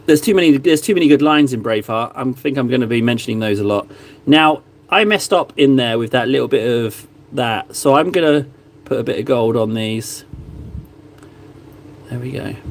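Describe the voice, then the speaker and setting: A man's voice: mid-range voice, moderate pace, long pauses. A young man chatting casually while painting miniatures, rambling and laughing at himself, in a small cupboard room.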